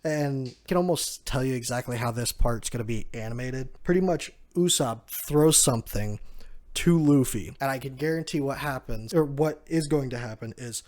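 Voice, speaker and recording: A man's voice: medium pitch, moderate pace, a little mellow. A man casually retelling a comic chapter, acting out the characters' lines and chuckling often. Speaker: manga chapter reviewer. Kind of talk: casual recap with acted-out quotes.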